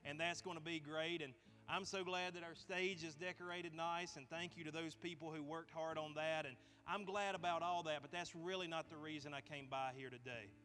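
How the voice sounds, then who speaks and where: Male pastor, earnest storyteller, higher bright voice, soft guitar underneath. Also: fairly even intonation, moderate pace. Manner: earnest, conversational, retells dialogue. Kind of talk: sermon storytelling. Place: church sanctuary.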